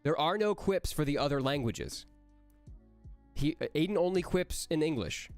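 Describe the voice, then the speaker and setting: A man, a voice actor, answering chat questions on a casual livestream in an energetic, rambling way that jumps between jokes and praise. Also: a little high, normal speed, faint music behind.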